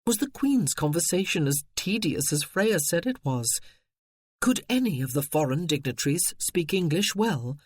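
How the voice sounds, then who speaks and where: An audiobook narrator giving expressive scripted narration of a period romance. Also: mid-range voice, normal speed, slightly rough, dry recording. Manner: expressive storytelling.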